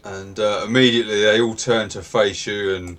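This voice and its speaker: Male game master, low voice, relaxed narration full of fillers. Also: moderate pace. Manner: relaxed, hesitant with many fillers.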